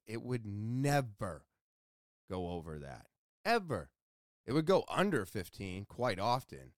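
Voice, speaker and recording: A man's voice: fairly low pitch, no echo, clean studio sound. A man telling a casual, profane story about a home repair visit, blunt and exasperated. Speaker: homeowner telling an anecdote.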